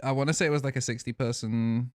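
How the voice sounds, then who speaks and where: A man's voice: medium pitch, steady tone, fast, no room sound, studio quality. A man hosting a casual podcast chat, talking through game strategy in an analytical, laid-back way. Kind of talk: casual podcast chat about card games.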